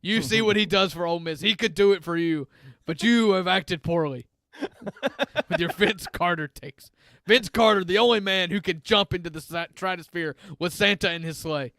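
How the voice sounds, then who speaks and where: A grumpy mall Santa with a scratchy smoker's rasp, as a podcast host puts him on, scolding and sarcastic. His voice sits high and bright, with a dry, close sound. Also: moderate pace, no room sound. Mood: mocking. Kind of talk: comedy bit on a sports podcast. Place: small closet studio.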